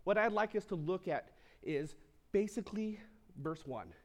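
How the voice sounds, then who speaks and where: A man preaches to his congregation, his voice sitting a little high for a man. He teaches through the text in a conversational way, stopping for casual asides and questions to the listeners. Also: animated, normal speed. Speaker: pastor. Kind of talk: sermon.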